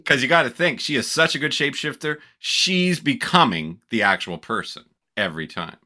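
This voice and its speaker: A man's voice: medium pitch, expressive, moderate pace, bright, forceful tone. A man co-hosting a podcast, chatting casually in a rambling way with frequent laughs. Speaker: podcast co-host. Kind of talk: casual chat.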